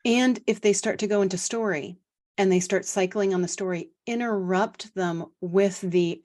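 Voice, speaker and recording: A woman's voice: on the low side, moderate pace, darkish tone. A woman co-hosting a relationship talk, chiming in eagerly with practical tips. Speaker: co-host. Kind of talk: casual chat.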